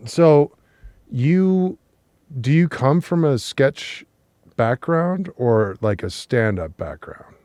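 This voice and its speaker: A man's voice: medium pitch, very slow, no room sound. Chatty male guest host, dry sound. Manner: relaxed, chatty questioning. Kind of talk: casual interview chat.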